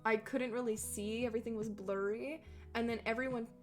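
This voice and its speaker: A woman's voice: on the high side, fairly even intonation, a little fast, faint music behind. A young adult woman telling stories in casual chat with her viewers, full of fillers and easy swearing, often laughing. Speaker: streamer reading chat.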